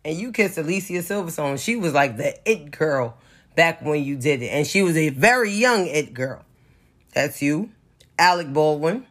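A woman's voice: sits low, animated, normal speed. A woman giving casual pop-culture commentary in a blunt, profane, opinionated way, with sarcastic asides.

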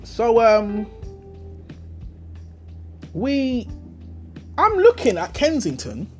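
A man's voice: very high voice, wildly swooping pitch, very slow, a little mellow, soft background music. A young man with a London accent hosting a solo podcast, telling a story as an indignant, slang-heavy rant full of rhetorical questions. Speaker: podcast host.

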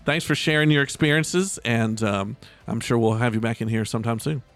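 A man's voice: mid-range voice, a bit bright, faint music behind. A middle-aged man hosting a casual faith podcast, joking and often restarting his sentences. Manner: joking, halting with many restarts. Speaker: host. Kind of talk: casual Christian podcast chat.

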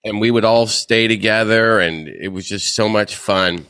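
Low-voiced man telling easygoing stories. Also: normal speed, sharp tone, dry recording. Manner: easygoing anecdotal storytelling. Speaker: podcast co-host. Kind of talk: casual chat.

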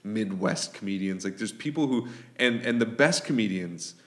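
A man's voice: on the low side, animated, normal speed, fairly bright tone, echoey room. A man in a casual podcast chat, thinking aloud with restarts and ending his points with "right?".

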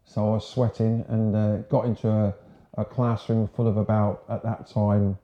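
A man's voice: fairly low pitch, flat delivery, moderate pace, mellow. A man in his sixties from Sussex, England, a former marine telling his story in a casual, frank, rambling way. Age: 60s. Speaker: guest, ex-marine. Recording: roomy, dull lo-fi sound.

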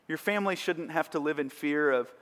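A man's voice: fairly high pitch, brisk, a bit bright. A man preaching a sermon as pastor, earnest and emphatic, with rising bursts of energy. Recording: long hall reverb.

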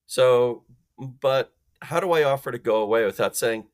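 A man's voice: medium pitch, moderate pace. A man talking as a guest expert on a sales podcast. He explains things emphatically and acts out phone calls in different voices.

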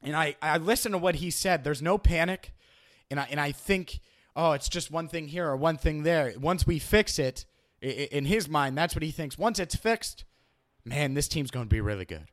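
A man's voice: on the high side, expressive, normal speed. A man hosting a sports podcast, analyzing his team and arguing with imagined critics, often repeating himself as he starts a thought. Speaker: podcast host.

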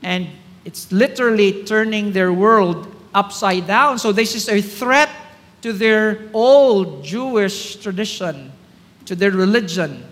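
A man's voice: high-pitched, slow, a bit bright, in a large hall. A Filipino-accented man preaching a sermon, emphatic, repeating key phrases and checking in with the congregation. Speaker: pastor.

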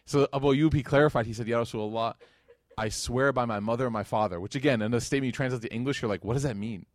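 A young man teaching a lecture to a live audience in a chatty, story-driven way. His voice sits at an ordinary middle pitch and sounds close and dry. He acts out quoted speech with sudden lifts in his voice. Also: very fast, no echo.

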